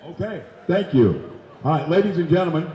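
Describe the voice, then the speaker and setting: A man auctioneer on stage, rattling off bids in a quick rhythmic chant and teasing bidders in the crowd. His voice sits a bit high and bounces around a large echoing hall. The sound is slightly dull, like a live broadcast feed. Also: lively intonation. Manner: rapid rhythmic bid calling with jokes to the crowd. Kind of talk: live charity auction calling. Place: large event center stage.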